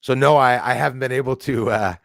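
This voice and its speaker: A middle-aged man hosting a casual live stream, excitable, thanking viewers by name and swearing when angry. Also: mid-range voice, fairly quick, creaky, dry recording, clean studio sound.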